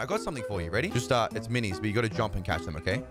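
A man's voice: fairly low pitch, big pitch swings, racing. A young man hosting a gaming video, bantering teasingly with strangers and laughing often. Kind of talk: casual gameplay banter with strangers. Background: background music.

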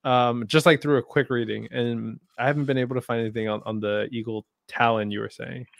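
Man, podcast co-host, casual chat, hesitant, swears, mid-pitched, dry close sound. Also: fairly even intonation, fairly quick, vocal fry, dry recording. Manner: hesitant, thinks aloud, loose and profane. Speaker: podcast co-host posing the question.

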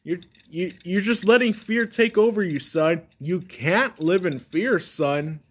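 A man's voice: sits high, measured pace, husky. A man voicing a preachy father who lectures his son and keeps calling him "son.". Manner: repeats "son" constantly, lecturing.

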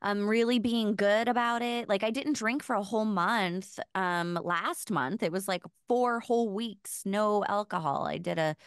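A woman's voice: medium pitch, measured pace, few pauses, clear, resonant tone, dry recording, studio quality. A middle-aged woman co-hosting a podcast, chatting casually, swearing freely and wired on caffeine. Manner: animated, swears freely, mimics voices. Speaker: podcast co-host. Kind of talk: casual chat.

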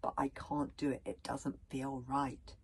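A woman's voice: rumbling low, little pitch movement, a little slow, darkish tone, husky, voice pushed down, exaggerated voice. Woman playing a troubled hulking bodyguard. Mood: weary. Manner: muttering, torn and heavy. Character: burly troubled male bodyguard warrior. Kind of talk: storybook reading.

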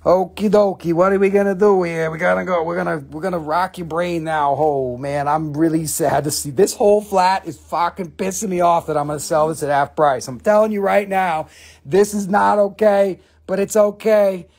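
A husky, slightly breathy voice runs a loose live-stream sale from a family rock shop. The talk rambles between prices and profane jokes, with bursts of laughter in the rhythm. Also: medium pitch, steady tone, moderate pace, darkish tone. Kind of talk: casual live sales show.

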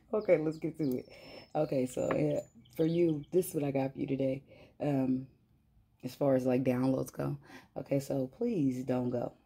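A woman's voice: rumbling low, steady tone, unhurried, creaky, pauses often, mellow, breathy edge. A woman giving a casual spiritual tarot reading, chatty and laughing often as she talks to her viewers. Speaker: tarot reader.

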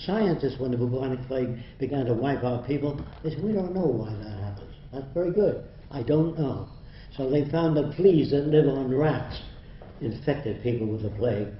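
A man's voice: medium pitch, a little hiss or hum. Blunt, mocking older male lecturer. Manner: blunt, mocking, laughs at his own jokes. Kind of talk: public lecture. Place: lecture hall. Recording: dull echoey hall recording.

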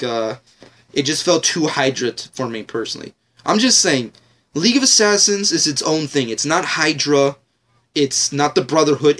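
A man's voice: mid-range voice, a bit bright. A man ranting casually in a TV episode review vlog, rambling, joking and swearing heavily.

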